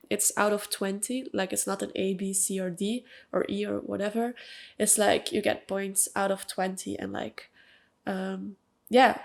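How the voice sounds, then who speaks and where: Young woman, Belgian accent, nasal, vocal fry, chatty podcast monologue, filler-heavy. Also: mid-range voice. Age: young adult. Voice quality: nasal from allergies. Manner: chatty, many fillers, emphatic swearing. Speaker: podcast host. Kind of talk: personal casual monologue. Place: at home with cats.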